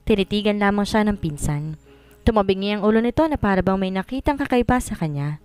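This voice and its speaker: Woman narrating a story, clear dry voice. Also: medium pitch, lively intonation, fast talker, darkish tone, no room sound, soft background music. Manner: mixes Tagalog and English narration.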